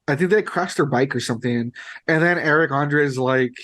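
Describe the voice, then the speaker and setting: Male podcast co-host, slightly high voice, rambling filler-packed chat. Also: fast talker, fairly bright tone. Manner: rambling, filler-heavy retelling. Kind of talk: casual chat.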